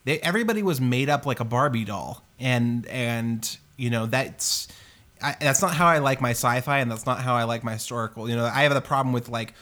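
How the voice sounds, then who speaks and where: A man hosting a casual movie review chat, animated and crude, with lots of fillers. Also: medium pitch, brisk.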